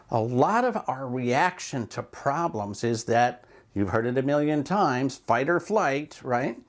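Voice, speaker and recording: Man, mid-pitched, calm coach talking casually and reflectively, with asides. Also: slow pace. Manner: calm, reflective, with loose asides and self-talk examples. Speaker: speaker and coach. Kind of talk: casual talk on mindfulness.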